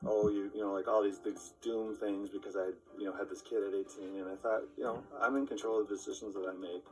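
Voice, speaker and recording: A man's voice: lowish voice, steady tone, fast talker, a little mellow, distant mic, faint music behind, low-quality recording. A man telling an earnest personal story about becoming a father young. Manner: earnest, reflective, with fillers.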